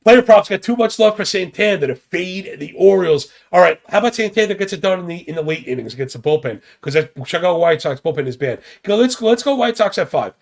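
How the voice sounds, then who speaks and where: Male betting podcast host, casual and stat-heavy, a bit of fry in the voice. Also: high-pitched, expressive. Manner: rapid stat-heavy banter with slang.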